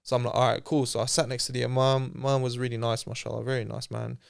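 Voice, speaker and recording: Smooth fast-talking man telling a story. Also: medium pitch, little pitch movement. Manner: chatty, slangy, acts out quoted voices. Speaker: interview guest. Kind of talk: casual storytelling.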